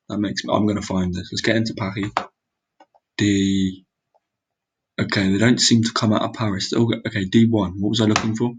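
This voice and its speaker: A man's voice: lowish voice, husky, poor audio. A young man muttering his way through a geography guessing game, exclaiming and mocking his own mistakes. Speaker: gaming video creator. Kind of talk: casual gameplay commentary.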